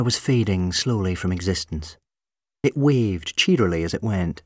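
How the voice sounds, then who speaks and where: A man narrating an audiobook with expressive storytelling. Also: deep voice, moderate pace, dry recording, clean studio sound. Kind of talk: scripted narration.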